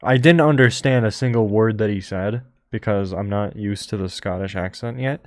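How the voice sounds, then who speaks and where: A young man chats casually on his podcast in a fairly low voice. He rambles, stops and restarts, and fills the gaps with ums. The recording is close and dry, with no room sound at all. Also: moderate pace, no room sound. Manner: rambling, many fillers and restarts. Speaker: streamer podcast host. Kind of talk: casual chat.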